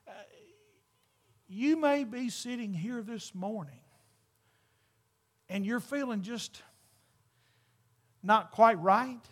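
A male pastor, preaching a sermon to a church congregation in a fervent, emphatic way that builds to loud exclamations. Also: very high-pitched, slow, pauses often.

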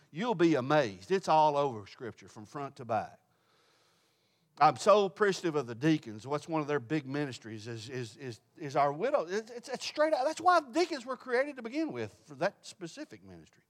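Impassioned preacher man, high-pitched. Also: a bit bright. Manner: impassioned, pleading, rises in pitch when quoting scripture; colloquial asides. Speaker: pastor. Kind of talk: sermon. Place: church sanctuary.

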